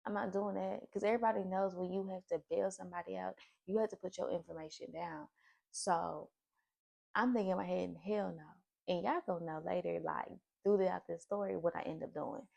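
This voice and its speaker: Creaky-voiced woman telling a blunt storytime. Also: on the low side, fairly quick. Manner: blunt, profane, animated retelling. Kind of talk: casual storytime.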